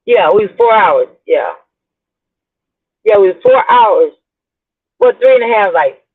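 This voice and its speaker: A woman's voice: mid-range voice, expressive, measured pace, husky. Chatty middle-aged woman on tinny audio. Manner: rambling, chatty, addresses listeners as y'all. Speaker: blogger host. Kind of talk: casual storytelling to viewers.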